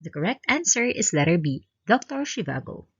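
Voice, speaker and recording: A woman's voice: fairly low pitch, sing-song, brisk, fairly bright tone, breathy edge, lo-fi sound. A woman with a Filipino accent reads exam review questions aloud and explains each answer choice in turn, like a teacher. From Philippines.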